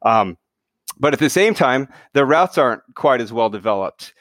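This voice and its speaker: Halting middle-aged man, dry sound. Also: mid-range voice, expressive, a bit bright, no room sound. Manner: hesitant, many "you know" fillers and restarts. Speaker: guest, mountain speed record holder. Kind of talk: casual interview conversation.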